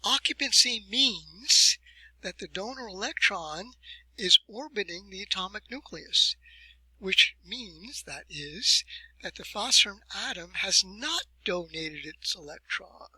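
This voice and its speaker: A man giving a recorded university lecture, explaining step by step with deliberate emphasis and rhetorical questions. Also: high voice, expressive, bright, forceful tone, slightly rough, no echo, poor audio.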